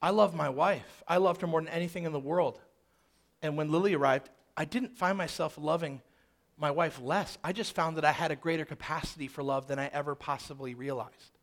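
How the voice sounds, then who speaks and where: A man's voice: fairly high pitch, brisk. A man in his thirties telling a personal story in a sermon, emphatic and fond of repeating phrases for rhythm.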